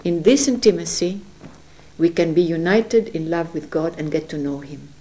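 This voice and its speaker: A woman speaks in a low, mellow voice, sharing a personal spiritual testimony from her home. She is earnest and gentle and sometimes pauses to search for words. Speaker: religious speaker.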